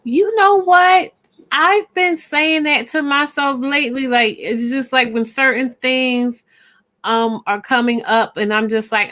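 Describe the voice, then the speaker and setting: A woman's voice: on the high side, bright, forceful tone. A woman hosting a casual chat, a supportive listener who speaks frankly about her own life.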